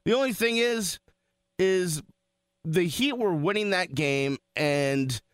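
A man's voice: high-pitched, takes it slowly, a bit bright, clean tone, no room sound. A man hosting a sports talk radio show, talking in an emphatic, conversational way. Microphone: studio microphone.

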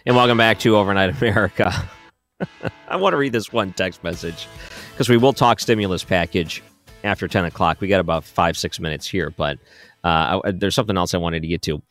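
A man's voice: low-pitched, fairly quick, a bit bright, faint music behind. A man hosting a late-night radio talk show, chatting casually and thinking aloud as he reads through figures. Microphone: studio microphone.

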